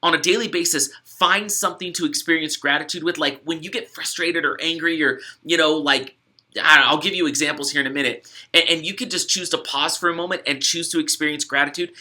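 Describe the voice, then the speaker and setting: A young adult man talks through the steps of a gratitude study in a relaxed, chatty way, stumbling over words now and then. His voice is fairly high and very bright. He sounds upbeat and eager. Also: fast talker. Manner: upbeat, chatty, with fillers and restarts. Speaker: author running a gratitude study. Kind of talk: casual instructional video talk.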